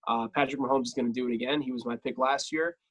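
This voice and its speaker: A man's voice: mid-range voice, steady tone, quick pace, fairly bright tone, low-quality recording. A man co-hosting a casual sports podcast, talking with enthusiasm and repeating his points for emphasis. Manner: enthusiastic, repetitive phrasing. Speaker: podcast co-host.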